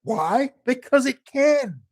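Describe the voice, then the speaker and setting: A man's voice: very high-pitched, sing-song, takes it slowly, a little mellow, husky. A man delivering a heated, profane political rant as a commentator, emphatic and angry throughout.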